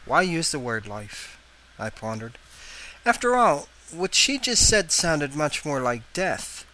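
A man narrating a first-person story in a reflective, measured way. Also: on the high side, sing-song, sharp tone, rough recording. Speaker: story reader.

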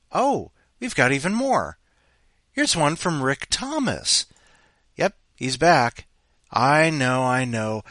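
A man hosts a storytelling podcast in a loose, rambling way, swearing without a second thought. His pitch swings widely as he talks. The sound is dry and close. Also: fairly bright tone, dry recording. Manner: rambling, irreverent, swears freely. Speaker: podcast host. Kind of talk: casual rambling commentary.

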